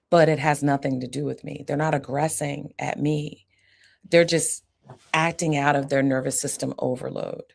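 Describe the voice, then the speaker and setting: A woman's voice: sits low, gravelly. A middle-aged woman psychiatrist giving an educational talk in a conversational, explanatory way, often checking in with the listener.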